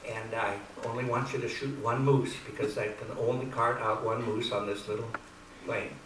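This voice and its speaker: A man's voice: mid-range voice, fairly even intonation, normal speed, background noise, natural voice. A man doing a fussy scolding bush pilot. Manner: scolding, exasperated. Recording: echoey hall from far off.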